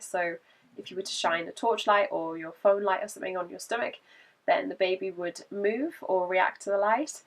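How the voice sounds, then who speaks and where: Croaky woman vlogging. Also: lowish voice, fairly bright tone, distant mic. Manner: chatty, laughs between points. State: croaky from a cold. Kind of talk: casual chatty update.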